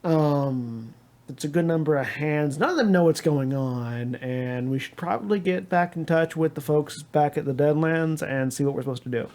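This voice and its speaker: A man running a tabletop game as game master, narrating haltingly with many restarts. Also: a little high, a little mellow.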